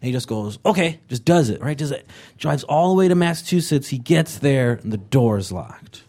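A young man from Rhode Island, doing a stand-up comedy set with deadpan delivery. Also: normal speed. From Rhode Island, USA. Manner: deadpan delivery with sudden high-pitched character voices.

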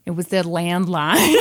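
A young woman co-hosting a podcast tells a story in casual conversation, reading out quotes and tossing in joking asides. Her voice sits on the high side, pushed and bright, with a little hiss or hum on the recording.

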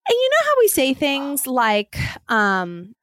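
A woman co-hosting a podcast in casual chat, animated and quick to laugh. Her voice sits a touch high. The sound is dry and close, with no room echo. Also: smooth. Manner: animated storyteller, laughs often. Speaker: podcast co-host.

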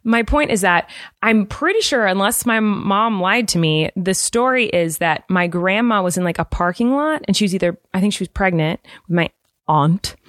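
A woman from the Kansas City area co-hosting a podcast in easy, casual chat. She sounds bubbly and animated, her voice leaping upward when something excites her. The sound is dry and close, with little room around it. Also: medium pitch, normal speed, no echo. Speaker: podcast co-host.

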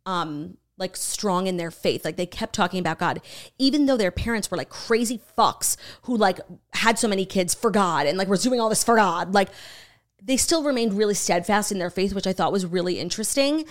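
A woman's voice: medium pitch, moderate pace. Chatty woman retelling a true crime story. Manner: animated, swearing, acts out quotes. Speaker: podcast co-host. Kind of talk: casual chat, retelling a true crime documentary.

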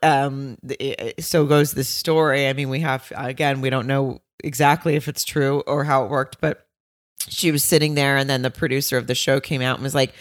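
A woman's voice: extremely low pitch, flat delivery, moderate pace, no room sound, clean studio sound. A woman with a Boston accent chatting casually as a podcast co-host, laughing often and trying silly impressions. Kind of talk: casual chat.

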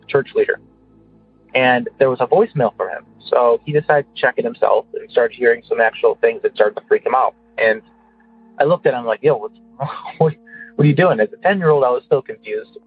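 A man's voice: mid-range voice, fairly quick, slightly rough, no room sound. A man from Illinois calling into a radio show, telling a story in a rambling way full of "uh" and "anyways". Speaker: caller. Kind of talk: casual storytelling. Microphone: telephone. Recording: tinny phone line with faint music.

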